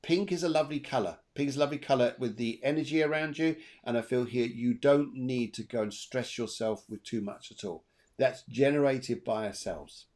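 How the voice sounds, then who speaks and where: A man hosting a live show and giving psychic readings in a chatty, animated way, laughing often. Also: medium pitch, fairly quick. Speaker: medium and show host.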